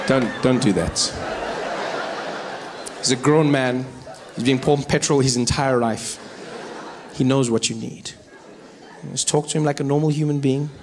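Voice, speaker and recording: A man with a South African accent performing stand-up comedy, animated and full of mimicked voices. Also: mid-range voice, measured pace, pauses often, noisy background.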